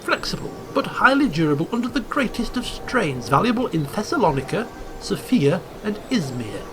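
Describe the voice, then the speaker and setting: A man hosting a let's play, reading game text aloud with theatrical, chuckling commentary and hushed asides. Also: high voice, sing-song, moderate pace, noisy background. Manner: theatrical, chuckling, swings between hushed asides and loud exclaims.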